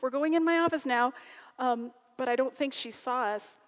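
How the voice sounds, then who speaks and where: A woman teacher telling a personal story in a sermon, animated and conversational. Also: high-pitched, moderate pace, big-room sound. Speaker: college teacher and speaker.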